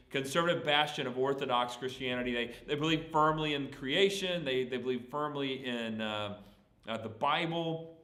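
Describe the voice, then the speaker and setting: Southern pastor, middle pitch, folksy and unpolished, slightly roomy sound. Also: male voice, bright, forceful tone. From Texas, USA. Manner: folksy, plainspoken, frequent "uh" fillers. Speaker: pastor answering questions. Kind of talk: sermon Q&A.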